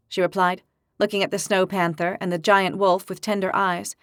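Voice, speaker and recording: Woman narrator, fantasy audiobook, even clear storytelling, dead dry studio sound. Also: medium pitch, moderate pace, no echo.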